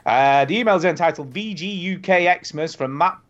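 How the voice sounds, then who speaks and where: A man's voice: a little high, moderate pace, fairly bright tone, highs cut off. A man in his forties hosting a casual podcast, laughing and bantering. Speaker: podcast host. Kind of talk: casual chat.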